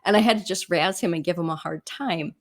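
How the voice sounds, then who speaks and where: A woman's voice: fairly low pitch, fairly quick. A middle-aged woman from the Midwest US, a real estate agent, teaching in a casual, chatty way and telling stories with frequent "right?" and "you know" asides.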